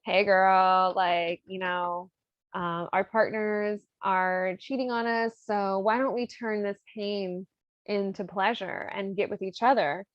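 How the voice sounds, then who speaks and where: A woman's voice: mid-range voice, fairly even intonation, takes it slowly, dry recording, highs cut off, lightly acted. A woman voicing a scheming, jealous young male servant, talking in an indignant, sweet-talking manner.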